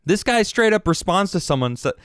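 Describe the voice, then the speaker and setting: A man hosting his own political podcast, ranting in an exasperated, animated way and often restarting his sentences. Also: high-pitched, fairly quick, smooth, no room sound, clean studio sound. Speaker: podcast host.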